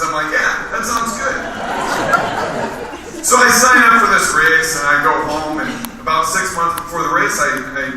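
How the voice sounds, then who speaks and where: A man speaking as a guest, telling a self-deprecating story with lively quoted voices. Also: a little high, distant mic, background noise. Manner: self-deprecating, animated when quoting others. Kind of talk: storytelling at a church event. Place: large echoey hall. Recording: echoey hall recorded from afar.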